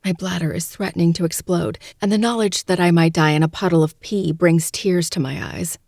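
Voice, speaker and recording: A woman narrating a first-person audiobook, with a hushed, tearful delivery in tense moments. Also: fairly low pitch, steady tone, fairly quick, creaky, no echo, clean studio sound.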